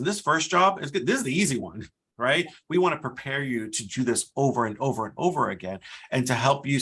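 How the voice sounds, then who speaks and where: Middle-aged male guest, bright and forceful, animated storyteller. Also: medium pitch. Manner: animated storyteller, mimics voices in quotes. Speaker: guest, career services dean. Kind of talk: conversational interview.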